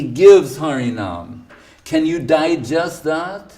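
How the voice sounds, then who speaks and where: A man's voice: medium pitch, unhurried, a little mellow, distant mic. A man giving a spiritual talk in a conversational storytelling manner, full of rhetorical questions and acted-out quotes. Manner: acts out quoted speech. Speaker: spiritual teacher. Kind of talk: storytelling lecture.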